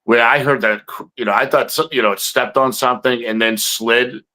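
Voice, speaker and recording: A man's voice: medium pitch, fairly even intonation, a little fast, pushed and bright, poor audio. A man co-hosting a podcast, telling a field story in a rambling way with many fillers. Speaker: podcast co-host, Bigfoot investigator. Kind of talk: casual chat.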